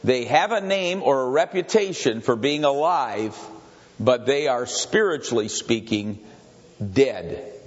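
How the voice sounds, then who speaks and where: A man's voice: medium pitch, animated, slow. Older man preaching in a reverberant hall. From Grand Rapids, Michigan. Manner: rambling, digressive, repeats himself, chuckles. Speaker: pastor leading a Bible study. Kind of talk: conversational sermon with questions to the congregation. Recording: dull recording with long hall reverb.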